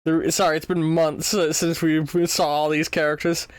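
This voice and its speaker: A man's voice: fairly high pitch, normal speed, clear, resonant tone, no room sound. Dry-voiced man reacting while reading aloud. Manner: animated, reacts out loud, reads panel text. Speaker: streamer reading a webcomic aloud. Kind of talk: casual live read-along chat.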